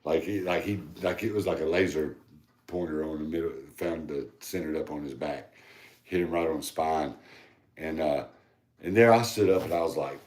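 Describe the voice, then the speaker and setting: A man with a very deep, low voice tells a long, rambling story in easy, casual talk, animated and salty. The sound carries an echo, as if he were in a bare room. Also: moderate pace. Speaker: podcast co-host. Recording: echoey room.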